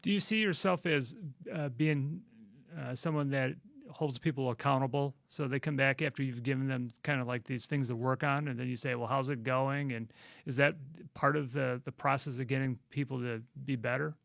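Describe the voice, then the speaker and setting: A man with a gravelly voice at a middle pitch asks his guest long questions, pausing and restarting as he goes. His voice sounds dry and close. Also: fairly even intonation, fairly bright tone, no echo. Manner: halting questions with many fillers and restarts. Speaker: interview host. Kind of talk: interview questions.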